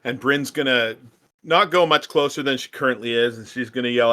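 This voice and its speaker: A man's voice: medium pitch, fairly quick, pushed and bright. A man playing a tabletop game, brash and joking as he describes his character's moves. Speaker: player.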